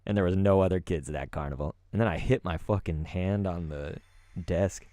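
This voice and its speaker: A man's voice: deep voice, brisk, mellow, dry recording. A man streaming live gameplay, rambling and laughing as he chats with his viewers. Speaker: gaming streamer. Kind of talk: casual live gameplay commentary.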